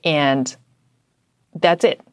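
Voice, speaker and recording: A woman from Canada chats as a guest, telling lively anecdotes packed with casual fillers. Her voice sits low. The sound is close and dry, with no room around it. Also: extremely slow, dry recording. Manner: chatty, animated storytelling with many fillers. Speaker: guest, journalist. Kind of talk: casual interview chat.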